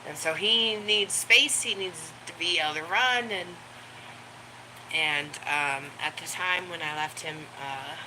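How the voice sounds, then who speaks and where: Low-voiced and a little slow, a woman chats with viewers on a casual home livestream, rambling and cooing baby talk to her dog. A dog barks amid loud background noise.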